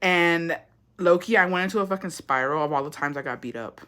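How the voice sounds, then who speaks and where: A young Texan woman hosts a livestream from indoors, telling a story in casual chat. Her lowish voice is brisk, bright and forceful. She's blunt, swears heavily and slips in Spanish phrases.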